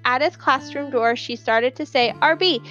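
A woman narrating an audiobook in an expressive storytelling manner. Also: sits high, moderate pace, highs cut off, soft background music. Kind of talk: scripted narration.

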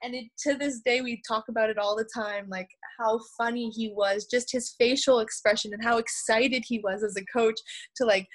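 A young woman from Canada, a pole vaulter and podcast guest, telling lively stories and laughing often. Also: fairly high pitch, normal speed. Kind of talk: podcast interview storytelling.

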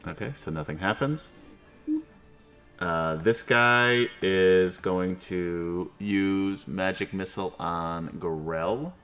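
A man's voice: sits low, slow, a bit bright, faint music behind. A man acting as game master, narrating a tabletop game in a loose, thinking-aloud way.

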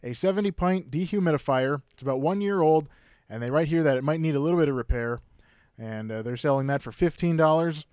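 A man reads items for sale and phone numbers on a local radio show, slow and steady, his voice a little worn and hoarse. His voice is slightly high, and the studio sound is dry and close. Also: no room sound. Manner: steady, plain reading of listings and phone numbers. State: losing his voice. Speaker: radio co-host.

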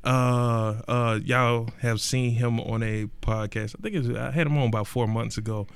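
A man hosting a podcast, ranting in a colloquial, animated way and repeating words for emphasis. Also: medium pitch, normal speed, smooth, no echo. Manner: animated and emphatic, rising to loud exclamations. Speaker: podcast host. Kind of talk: casual podcast rant.

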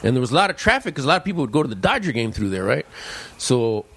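A man's voice: medium pitch, rapid-fire, husky. A man from Los Angeles, a podcast guest, telling childhood stories in casual chat and acting out the voices of the people in them. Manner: animated storyteller who acts out childhood voices.

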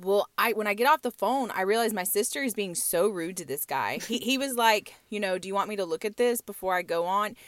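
A young woman co-hosting a casual podcast, telling a road-trip story with a lot of energy and laughing often. Her voice sits at a middle pitch. The sound is close and dry, with no room echo. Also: expressive, a little fast, hardly any pauses. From Georgia, US. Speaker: podcast co-host.

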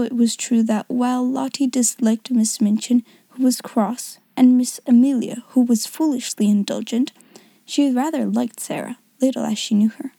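Woman narrating a storybook, mellow tone. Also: a little high, vocal fry, no echo. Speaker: audiobook narrator. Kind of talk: scripted narration.

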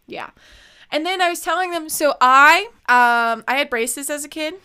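A young woman co-hosting a podcast, telling a story in casual chat, acting out quotes with lively swearing. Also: high voice, moderate pace. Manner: animated storytelling, acts out quotes, swears freely. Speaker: podcast co-host.

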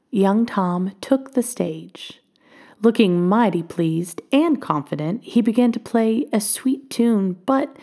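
A woman reading a children's storybook aloud, expressive and often dropping to a hush. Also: on the high side.

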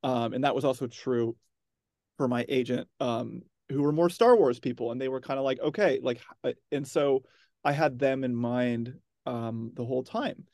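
A man being interviewed as an author, relaxed and wry, with many ums as he talks. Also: mid-range voice, moderate pace, dry recording, clean studio sound. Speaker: author guest. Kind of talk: casual interview chat.

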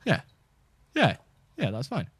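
A man co-hosting a comedy podcast, offering absurd explanations with a deadpan delivery. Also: mid-range voice, takes it slowly, husky. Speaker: podcast co-host. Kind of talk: casual comedic chat.

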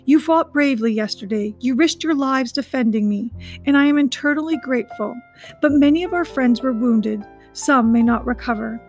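A woman reading aloud, voicing a gentle and wise female robot who speaks in earnest, measured sentences. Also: high-pitched, soft background music.

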